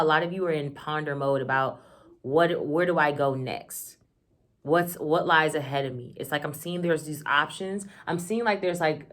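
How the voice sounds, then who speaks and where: Low-voiced chatty woman reading tarot. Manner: excited, chatty, slangy, lots of "like" and "y'all". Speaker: tarot reader. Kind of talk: casual tarot reading to camera.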